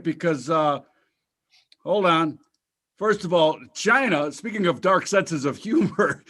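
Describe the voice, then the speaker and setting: A man hosting a casual show about the markets, with a bright, slightly high voice. He jokes freely and rambles, stacking fillers and restarts. His delivery is loose and conversational. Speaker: podcast host.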